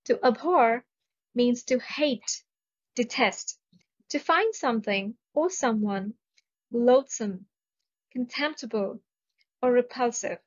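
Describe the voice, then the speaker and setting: A woman with an Indian English accent, a somewhat high voice and lively intonation takes her time, pausing often, in a deliberate vocabulary lesson. She carefully says each word and reads example sentences, and the recording is dull and lo-fi.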